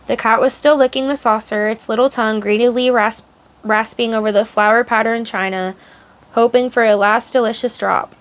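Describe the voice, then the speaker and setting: A woman's voice: fairly high pitch, moderate pace. Woman streamer narrating a novel aloud. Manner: steady storytelling narration, blunt asides. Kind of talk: audiobook-style reading on a live stream.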